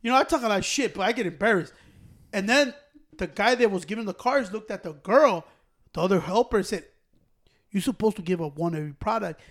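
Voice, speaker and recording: A young Hispanic American man with a voice that sits high for a man tells his friends a profane, animated story at a brisk clip. He curses freely and laughs along the way.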